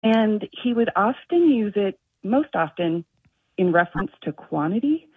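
Husky woman on a tinny phone line. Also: medium pitch, big pitch swings, measured pace, no echo. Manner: chatty storytelling, laughs often. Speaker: caller. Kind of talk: phone-in call.

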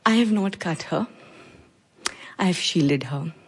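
A woman in her forties with an Indian English accent, telling a personal story in a measured, reflective way with pauses. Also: fairly low pitch, expressive, slight background noise. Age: 40s.

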